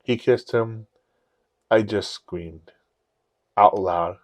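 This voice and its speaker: A man on a podcast telling personal stories in a candid, profane, animated way. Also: mid-range voice, moderate pace, no room sound. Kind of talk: casual storytelling chat.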